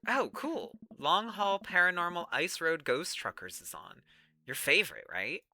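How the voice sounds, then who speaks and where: A teenage daughter who teases and bosses her dad around, her voice bright and sharp-edged, put on by a streamer reading a game aloud. Her pitch swoops up and down. Faint music plays underneath. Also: wildly swooping pitch, a little slow, heavily acted. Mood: teasing. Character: teenage girl, teasing and bossy daughter.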